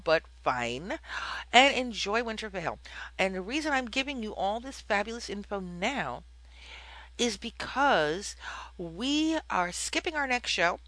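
Lively, bright-voiced woman podcast host. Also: medium pitch, dry recording, poor audio. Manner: animated, exclamatory rambling. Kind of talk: casual gaming podcast chat.

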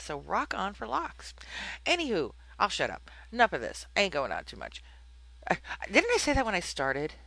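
A woman's voice: medium pitch, pushed and bright, dry recording, low-quality recording. A woman hosting a podcast, talking casually and in a rambling way about a video game, with frequent exclamations. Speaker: podcast host. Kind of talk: casual gaming podcast chat.

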